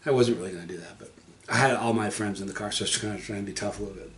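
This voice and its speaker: A man's voice: fairly low pitch, fairly even intonation, racing, echoey room. A man telling a personal story to camera in a casual, rambling way, often correcting himself mid-sentence. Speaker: hot sauce reviewer telling a personal story.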